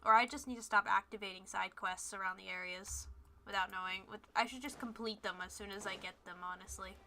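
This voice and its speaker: A woman's voice: medium pitch, fairly even intonation, fairly quick, bright, forceful tone, a little hiss or hum. A young woman streaming a video game, ranting in exasperation with sudden outbursts. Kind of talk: gameplay commentary.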